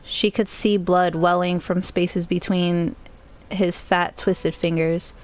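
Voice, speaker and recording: A woman's voice: lowish voice, little pitch movement, slow pace. A woman streamer reading a novel aloud in a casual way, breaking off for joking asides.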